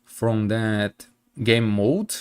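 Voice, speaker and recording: A man's voice: lowish voice, extremely slow, clean tone. A man streaming casually, speaking English as a second language with a stuffy blocked nose, chatting to his viewers with many fillers and restarts. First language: not English.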